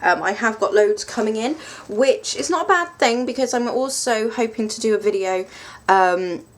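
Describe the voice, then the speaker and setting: A woman's voice: on the high side, expressive, moderate pace. A woman chatting casually through a tarot deck review, rambling and self-mocking with lots of ums.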